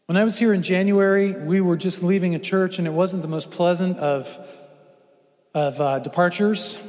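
A man's voice: sits high, darkish tone. A middle-aged man from Houston preaching a folksy, humorous storytelling sermon in a church. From Houston, Texas. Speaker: guest preacher. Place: church sanctuary. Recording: long hall reverb.

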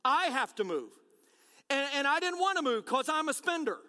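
A man's voice: extremely high pitch, moderate pace. Fired-up man preaching in a hall. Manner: energetic, repeated rallying calls; self-deprecating humor. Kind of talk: sermon. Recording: long hall reverb.

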